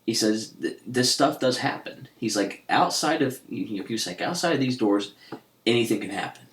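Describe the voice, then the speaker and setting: A man's voice: medium pitch, expressive, moderate pace, a bit bright. A man co-hosting a casual podcast chat, rambling with lots of "you know" and "he's like". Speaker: podcast co-host. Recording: echoey room.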